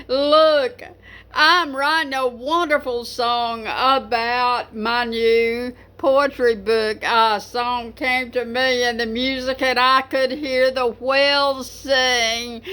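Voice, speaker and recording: Slow, rambling woman with a higher voice. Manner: rambling, warm, many fillers and restarts. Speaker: poetry vlogger. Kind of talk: casual talk to camera.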